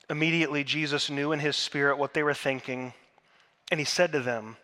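Earnest bright-voiced pastor preaching. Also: male voice, a little high, fairly even intonation, a little fast. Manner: earnest, builds to emphatic peaks then drops to hushed tones. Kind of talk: sermon. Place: church sanctuary.

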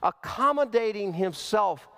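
A man preaching a sermon as pastor, slow and emphatic, with big swings in pitch. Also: animated, vocal fry, a bit bright, clear, resonant tone. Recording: long hall reverb.

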